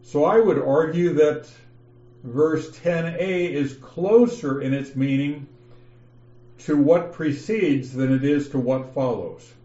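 A man teaching a Bible lesson, slowly reading passages aloud and explaining them step by step. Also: a little high, dark tone, echoey room, muffled recording. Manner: slow, methodical, reads passages aloud with emphasis. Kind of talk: scripture lesson over an online call.

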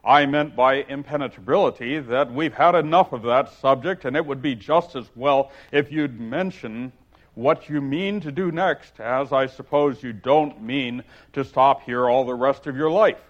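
A man putting on a loud, pompous talking egg. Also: medium pitch, a little slow, close to an everyday voice. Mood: scornful. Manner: loud, emphatic, lordly. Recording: dull lo-fi recording.

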